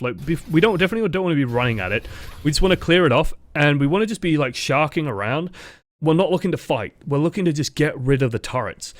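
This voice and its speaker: A young man coaching over gameplay footage, talking fast and casually, swearing freely and mocking himself. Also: fairly high pitch. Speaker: game coach. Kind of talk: gameplay review commentary.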